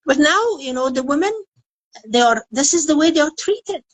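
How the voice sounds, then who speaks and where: A woman's voice: high voice, animated, normal speed, dry recording, poor audio. An older woman from Afghanistan, a women's rights activist, speaking earnestly in an emotional interview and repeating phrases for emphasis. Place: indoors in Kabul.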